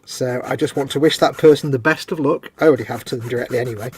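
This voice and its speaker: Casting: male stream co-host, jokey, medium pitch, faint hiss behind. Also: quick pace. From United Kingdom. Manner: jokey, reads out chat messages. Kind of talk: casual live stream chat.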